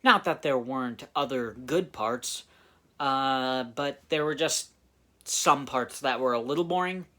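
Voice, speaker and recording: Male reviewer, casual and halting, unhurried delivery. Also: medium pitch, fairly bright tone. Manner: halting, restarts phrases often. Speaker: movie reviewer. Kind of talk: casual spoken film review.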